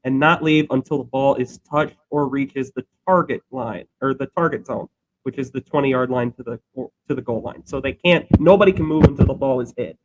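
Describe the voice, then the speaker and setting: A man's voice: mid-range voice, moderate pace, lo-fi sound, slight background noise. A young man co-hosting a podcast, explaining a rule change in a rambling, thinking-aloud way. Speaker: podcast co-host. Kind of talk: casual chat.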